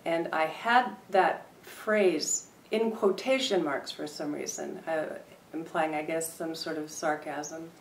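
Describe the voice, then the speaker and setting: A woman poet reading her own poems aloud, with low-key, wry asides between them. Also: fairly even intonation, slow, a little hiss or hum. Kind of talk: poetry reading with spoken asides. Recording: roomy sound from a distant mic.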